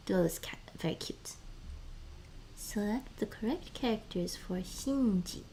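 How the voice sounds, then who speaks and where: A woman's voice: medium pitch, mellow. Giggly woman muttering through lessons. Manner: sounds out words slowly, drops to murmurs and whispers; laughs often between phrases. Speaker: streamer. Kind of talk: casual live-stream chat.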